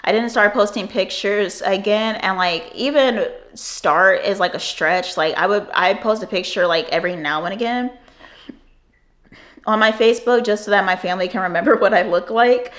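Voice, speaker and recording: A woman's voice: medium pitch, moderate pace, fairly bright tone. A woman in her twenties telling a storytime vlog, rambling with many fillers and frequent swearing. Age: 20s. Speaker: vlogger.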